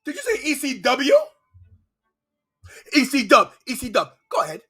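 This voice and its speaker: A man hosting a live wrestling podcast, loud and playful, bursting into shouts and goofy sing-song bits. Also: extremely high pitch, huge pitch swings, normal speed, slightly rough, no echo, studio quality, soft background music. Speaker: podcast host. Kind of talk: live watch-along chat.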